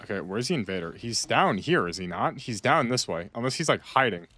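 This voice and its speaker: A man chatting casually while playing a game, rambling and repeating himself, with sudden loud outbursts. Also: mid-range voice, big pitch swings, brisk. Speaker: gaming streamer. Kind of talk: casual gameplay chat.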